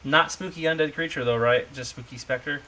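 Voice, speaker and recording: A man's voice: medium pitch, normal speed, sharp tone. A man game master on a home streaming mic, narrating a tabletop game in a casual, chatty way and laughing often.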